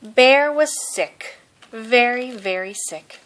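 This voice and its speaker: In a fairly high-pitched voice, a woman reads a storybook aloud to children. Her delivery is slow and expressive.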